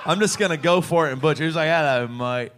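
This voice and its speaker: A man's voice: fairly high pitch, racing. An American man and podcast co-host, telling rambling, laughing stories to a live pub crowd. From United States. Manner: animated, laughing, rambling with restarts. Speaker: podcast co-host and band singer.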